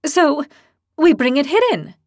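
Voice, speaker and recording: A woman's voice: sits high, big pitch swings, a little slow, a little mellow, dry recording, studio quality, pitched above the performer's own voice. A woman voicing a hot-tempered young horned woman who speaks bluntly and sarcastically. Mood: angry.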